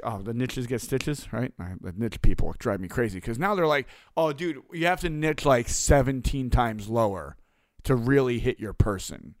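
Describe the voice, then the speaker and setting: A man's voice: a little high, no room sound. A man giving a casual motivational talk as a business coach, blunt and profane, hammering points home through repetition.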